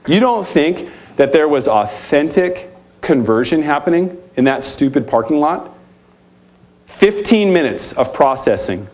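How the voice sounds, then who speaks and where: A man in a conference center hall, delivering a lively keynote with punchy emphasis. His voice sits a bit high for a man. He challenges the room with one pointed rhetorical question after another. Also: unhurried. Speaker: keynote speaker at a youth ministry conference. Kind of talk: live conference talk.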